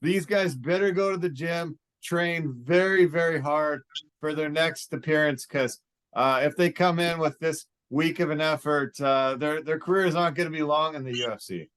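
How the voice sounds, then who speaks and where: A man co-hosting a sports podcast in casual chat, animated and laughing, mimicking fighters as he talks. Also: fairly high pitch, moderate pace, clear, resonant tone.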